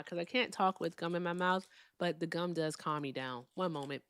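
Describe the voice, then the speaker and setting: A woman's voice: lowish voice, fairly quick, clean tone, dry recording, clean studio sound. A woman hosting a live call-in debate stream, blunt and profane, brushing callers off.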